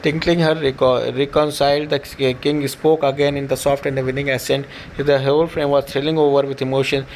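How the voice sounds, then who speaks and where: Gravelly, monotone reciter. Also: male voice, mid-range voice, slight background noise, rough recording. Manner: halting reading with restarts and fillers. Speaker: scripture reciter and teacher. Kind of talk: reading a scripture translation aloud.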